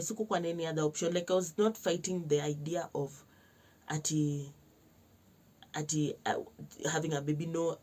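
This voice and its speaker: A young Kenyan woman telling a personal story to camera in a lively vlog, switching between slangy Swahili and English and acting out other people's lines. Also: sits low, husky. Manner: animated, mixes slang-heavy Swahili with English. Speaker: vlogger.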